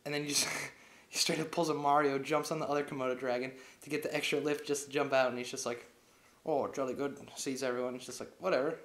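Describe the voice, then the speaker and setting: A man's voice: mid-range voice, little pitch movement, fast talker, hardly any pauses, fairly bright tone. Young male reviewer retelling a plot casually and loosely, recorded in an echoey room. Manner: rambling, heavy on filler words. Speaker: movie reviewer. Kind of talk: casual movie recap.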